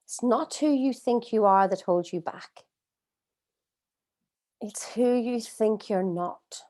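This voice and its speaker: A middle-aged woman leading a live online coaching masterclass from home, earnest and expressive, asking her audience many rhetorical questions. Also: fairly high pitch, slow. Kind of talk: live-streamed coaching talk. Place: at home, streaming by video call.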